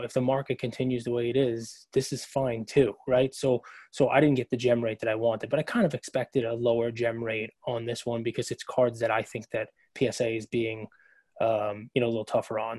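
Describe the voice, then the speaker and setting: A man's voice: mid-range voice, a little mellow, dry recording. A man co-hosting a podcast, telling a long story in casual chat, full of fillers and restarts. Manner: rambling, filler-heavy storytelling. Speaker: podcast co-host.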